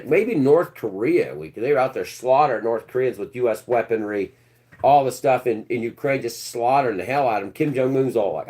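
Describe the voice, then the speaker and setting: A man's voice: medium pitch, a little mellow. A man hosting a live stream who rambles in a crude, sarcastic rant with many restarts. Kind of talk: ranting live-stream talk.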